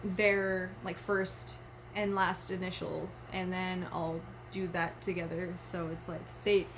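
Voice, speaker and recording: A woman's voice: on the low side, flat delivery, slow pace, noisy background. Giggly, rambling woman streamer. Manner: rambling, giggly and openly emotional. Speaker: live streamer. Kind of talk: candid casual livestream chat.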